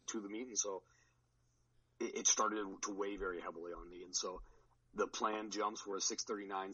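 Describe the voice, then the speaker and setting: A man's voice: sits low, bright, forceful tone, slightly rough, highs cut off. A man on a podcast recounting his powerlifting meet in a rambling, casual way, with many restarts. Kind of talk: casual chat.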